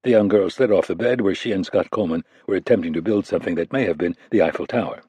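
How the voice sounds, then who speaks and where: A man reading a thriller audiobook aloud in a measured, steady narration. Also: low voice, husky, no room sound. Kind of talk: scripted narration.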